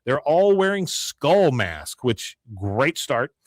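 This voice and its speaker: A man's voice: takes it slowly, dry recording, clean studio sound. A man hosting a podcast, casually recapping a cartoon episode and acting out the characters' lines. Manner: acts out characters' lines with animated pitch jumps. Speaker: podcast host.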